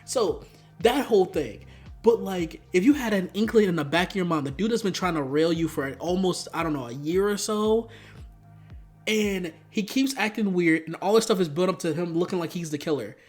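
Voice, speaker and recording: Young male reviewer, slangy and loose, fairly high voice, spikes up in disbelief. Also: moderate pace, faint music behind. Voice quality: profane, animated, slangy, jumps to high-pitched outbursts. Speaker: YouTube movie reviewer. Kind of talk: casual rambling review.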